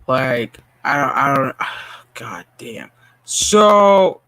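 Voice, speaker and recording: A man's voice: medium pitch, lively intonation, drawn-out words, sharp tone, dry recording. A man hosting a stream, ranting in casual, profanity-heavy commentary with a sarcastic, exasperated manner and frequent stammered restarts. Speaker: streamer host.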